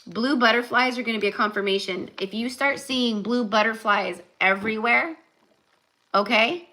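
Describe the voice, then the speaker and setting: A young woman with a bright, forceful voice talks through a live tarot reading. She rambles casually, full of "like" and "um", then slows right down to press a spiritual point home. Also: on the high side, low-quality recording. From California. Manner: chatty, rambling, many fillers and "like". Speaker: tarot reader.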